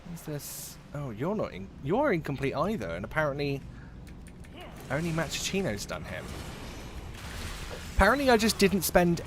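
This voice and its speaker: A man's voice: a little high, huge pitch swings, moderate pace, pauses often, background noise. A man chatting casually while live-streaming a game, giggling often and trailing off into fillers.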